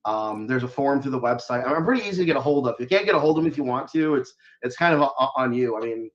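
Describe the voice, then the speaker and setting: A man's voice: mid-range voice, lively intonation, quick pace. Guy rambling on as a podcast guest, lots of ums and restarts, kinda muffled lo-fi sound. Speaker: guest author. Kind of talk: casual interview chat.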